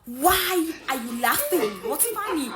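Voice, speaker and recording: A woman's voice: high-pitched, animated, takes it slowly, over a noisy crowd. A woman playing a strict, exasperated schoolteacher with a South African accent, scolding late pupils. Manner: scolding, demanding. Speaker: comedy skit creator. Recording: echoey room.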